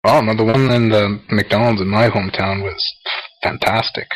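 A Canadian-accented man on a casual podcast, speaking in a somewhat low voice. He talks bluntly and jokingly and swears without a second thought. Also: fairly even intonation, normal speed, poor audio. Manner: blunt, swears freely, jokey. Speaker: podcast co-host.

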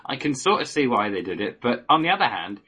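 A man's voice: medium pitch, sing-song, quick pace, bright, forceful tone, breathy edge. A man in casual gaming chat, offhand and opinionated.

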